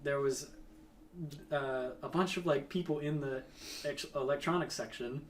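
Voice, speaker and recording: A man's voice: medium pitch, normal speed, recorded from a distance, slight background noise. A young man chatting casually, joking and laughing in teasing banter. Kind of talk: casual chat.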